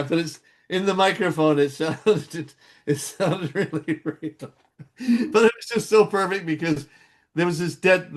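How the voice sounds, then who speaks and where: A man who works as a voice actor, a guest in a casual interview, telling animated stories and laughing often. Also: on the high side.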